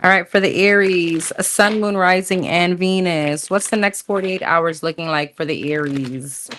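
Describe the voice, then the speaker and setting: A woman's voice: fairly low pitch, moderate pace, fairly bright tone, a little hiss or hum. Chatty woman reading tarot live. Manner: chatty, slangy, thinks aloud while pulling cards. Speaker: tarot reader. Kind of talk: casual livestream tarot reading.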